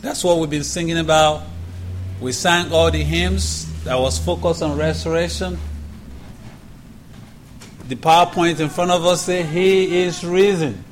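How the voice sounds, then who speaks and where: A man, a pastor, leading a prayer and then preaching a sermon in a church, speaking deliberately and repeating questions for emphasis. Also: a little high, fairly even intonation, slight background noise. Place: church sanctuary.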